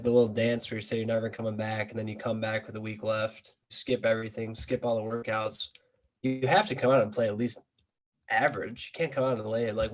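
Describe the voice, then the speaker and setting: A man ranting on a casual sports podcast, worked up and exasperated. His voice sits at an ordinary middle pitch and swings with feeling. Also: low-quality recording. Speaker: podcast co-host.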